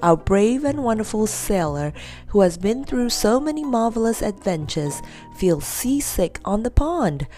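A woman puts on a fat old teddy bear from a storybook, kindly and brave under his teasing grin. The tone is mellow and soft. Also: mid-range voice, big pitch swings, measured pace, soft background music, pitched above the performer's own voice. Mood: wry. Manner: grinning, dry teasing.

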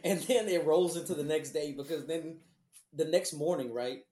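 A man in casual podcast chat, swearing a lot and laughing often as he tells animated stories. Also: fairly high pitch, normal speed. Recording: roomy echo.

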